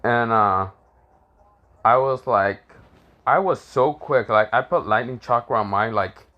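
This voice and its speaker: Male storyteller, casual and rambling, full of filler words and self-corrections, swears a lot, average pitch. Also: unhurried, highs cut off. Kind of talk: casual improvised fan-fiction narration.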